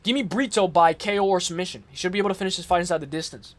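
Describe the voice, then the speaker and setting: A man's voice sits high as he races through a casual live stream, calling fight picks in slangy, excited banter and answering comments from his viewers.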